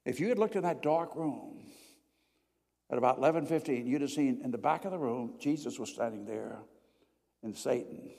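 An older man preaching a sermon in a church and telling his testimony dramatically. He swings from loud exclamations to hushed prayer. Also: medium pitch, normal speed, gravelly. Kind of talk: evening sermon with personal testimony. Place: church sanctuary before a congregation. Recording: long reverb of a large hall.

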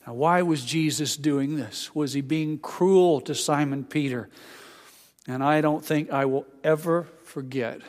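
A man preaching a sermon, telling the scripture story and acting out its voices, dropping to a hush for tender moments and building up for emphasis. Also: on the high side, fairly even intonation, unhurried. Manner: drops to a quiet hush for intimate lines, rises for emphasis. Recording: long hall reverb.

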